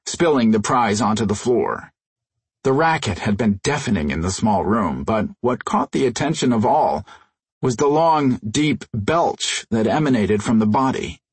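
Husky male audiobook narrator. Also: medium pitch, no room sound. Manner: measured storytelling. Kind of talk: scripted narration. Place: recording studio. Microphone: close studio mic.

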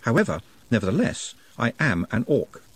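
A man with a husky voice voicing a young male orc who speaks in a calm, precise, overly polite and formal way. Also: mid-range voice. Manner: precise, formal, quietly measured.

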